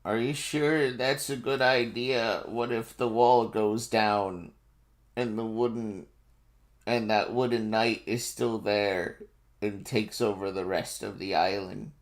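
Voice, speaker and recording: A man's voice: fairly low pitch, fairly even intonation. A man narrating as game master of a tabletop game, rambling and laughing through his descriptions. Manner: slow, rambling descriptions with many fillers and laughs.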